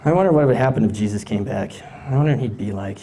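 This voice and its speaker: A man's voice: fairly low pitch, quick pace, warm tone, slight background noise. A young man in his late teens doing live stand-up comedy on a stage mic, rambling and hesitant, often amused at himself.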